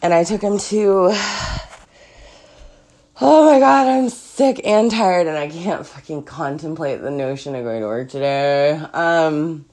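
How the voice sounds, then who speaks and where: A woman's voice: low voice, a little slow, hardly any pauses, darkish tone. A woman in her thirties, sick with a cold and sniffly, telling a stressful story in a casual vlog, profane and rambling, laughing through it. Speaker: vlogger.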